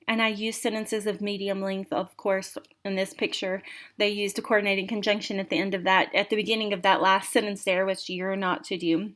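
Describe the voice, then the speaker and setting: In a recorded college writing lecture, a woman of about twenty to thirty-nine reads example passages with lively rhythm and stress. Her voice is mid-range and her pace brisk.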